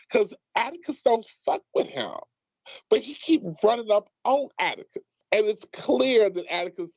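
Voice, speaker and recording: A man with a gravelly, creaky edge leads a casual recap chat, animated and emphatic. His voice comes through a dry, slightly dull podcast mic. He sounds right at home running the show. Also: high voice, no room sound. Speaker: podcast co-host leading the segment.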